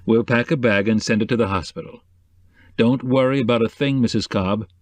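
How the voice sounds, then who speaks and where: A man playing a calm, kindly newspaperman who speaks in a reassuring, steady way, set in a middle pitch. The recording is dry and close. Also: fairly quick, no room sound, lightly acted. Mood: concerned.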